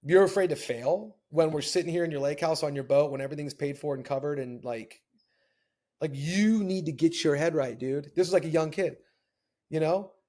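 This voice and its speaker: A man, a podcast guest and entrepreneur, telling candid stories in an animated, earnest way and acting out the voices he quotes. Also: a little high, normal speed. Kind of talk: candid storytelling conversation.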